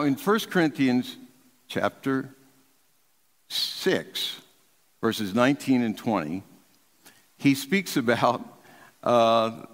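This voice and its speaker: An older man, a pastor preaching an emphatic sermon from the pulpit, swinging between raised and hushed delivery. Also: fairly low pitch, long reverb tail. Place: large church sanctuary.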